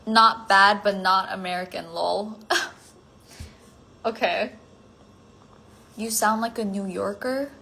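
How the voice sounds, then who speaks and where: Slow, gravelly-voiced young woman chatting. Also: medium pitch, fairly even intonation, sharp tone, rough recording. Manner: giggly, self-conscious, chatty with many fillers. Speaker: livestream host reading fan comments. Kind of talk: casual livestream chat. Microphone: phone.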